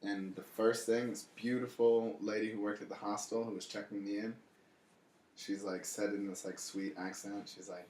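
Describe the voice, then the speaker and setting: A man's voice: fairly low pitch, flat delivery, moderate pace, darkish tone. A young man in his twenties, a restaurant owner guesting on a podcast, telling rambling travel stories in casual chat, full of fillers and acted-out quotes. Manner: rambling storyteller, many fillers, acts out quotes. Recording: echoey room.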